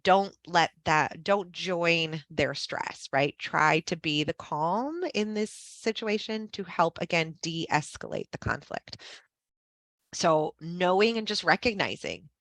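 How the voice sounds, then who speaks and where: A woman's voice: fairly low pitch, lively intonation, slow pace, a bit bright, no echo. A woman giving a conversational talk to school leaders, often saying "right?" and acting out what people say. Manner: conversational, frequent "um" and "right?", acts out quotes. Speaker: guest speaker on school leadership. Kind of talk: informal presentation.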